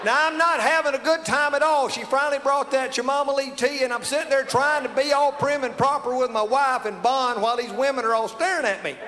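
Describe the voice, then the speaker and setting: A man's voice: very high voice, fairly even intonation, brisk, few pauses, in a large hall, noisy background. A man from South Alabama with a Southern American accent, telling a comic story to a live audience in a folksy, exaggerated way. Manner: folksy, exaggerated, breaking into laughter. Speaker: comedian.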